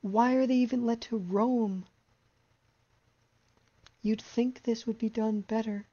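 A young woman streamer talks through a horror game in an anxious, exasperated ramble. Her voice is mellow and warm. It comes through a slightly dull, lo-fi home mic. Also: a little high, fairly even intonation, a little slow, long pauses. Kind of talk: live gameplay commentary.

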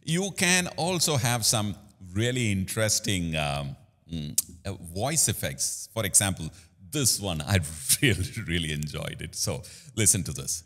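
Bright-toned man demonstrating gear. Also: low-pitched, big pitch swings, a little slow. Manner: explanatory, with many fillers. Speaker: host. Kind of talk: product demo tutorial. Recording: room with long reverb.

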